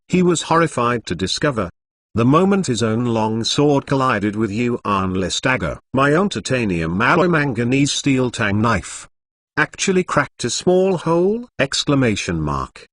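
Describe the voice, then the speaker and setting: A male text-to-speech voice narrating a translated novel, reading the punctuation marks out loud. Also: mid-range voice, dry recording, studio quality. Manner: reads punctuation aloud, like "exclamation mark" and "dot dot dot". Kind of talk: machine-read novel narration.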